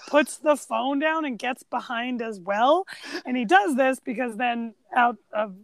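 High-voiced woman co-hosting a chatty podcast. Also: a little slow, a little hiss or hum. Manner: animated storyteller who acts out quotes. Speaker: podcast co-host. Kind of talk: casual chat retelling film scenes.

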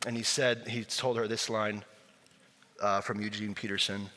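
A man's voice: lowish voice, level tone, moderate pace, pushed and bright. A man preaching a sermon as pastor, talking in a conversational, storytelling way and acting out the people in his stories. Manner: conversational, storytelling with acted quotes. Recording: long hall reverb.

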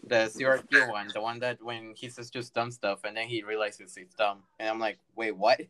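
A young man in a casual podcast chat, chiming in with jokes and quick remarks. He chuckles often as he adds to the conversation. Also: fairly low pitch, little pitch movement, sharp tone. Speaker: podcast co-host.

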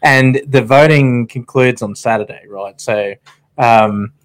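An Australian man co-hosting a casual chat, delivering dry, deadpan jokes. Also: medium pitch, slow pace. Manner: dry, deadpan trash talk. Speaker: co-host.

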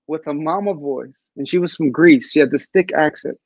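A man's voice: on the high side, moderate pace, few pauses, no room sound, dull audio. A man speaking as a guest over a video call, telling a personal story with animation and acting out the voices of others. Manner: animated storyteller who acts out quotes. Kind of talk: storytelling interview answer.

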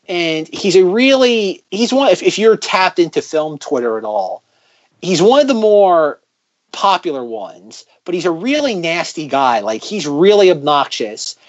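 A man's voice: fairly high pitch, expressive, measured pace. A man co-hosting a podcast, chatting casually and joking, rambling with many restarts. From United States. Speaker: podcast co-host. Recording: dull lo-fi audio.

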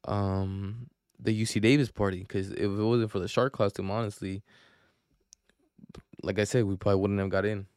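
A man's voice: lowish voice, level tone, moderate pace, long pauses, darkish tone, smooth, no room sound, clean studio sound. A young man, hosting a podcast and telling a profane, slangy story with lots of restarts. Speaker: podcast host. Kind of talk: casual storytelling.

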